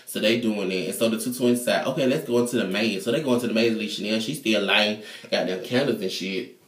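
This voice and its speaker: A man casually recapping a TV episode in an animated, slangy, profane way. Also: fairly low pitch, fast talker. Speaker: TV show reviewer. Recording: echoey room.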